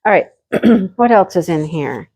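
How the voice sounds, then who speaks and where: A woman's voice: lowish voice, animated, a little slow, mellow, husky. A woman chatting casually to her viewers as she unboxes and shows yarn deliveries for her craft channel. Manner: chatty, talks directly to viewers.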